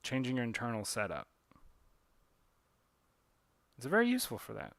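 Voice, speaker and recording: A man's voice: mid-range voice, huge pitch swings, very fast, creaky, fairly bright tone, no room sound. A man, a comic artist chatting casually on a drawing livestream, rambling with lots of fillers and self-corrections. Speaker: comic artist streaming his drawing work.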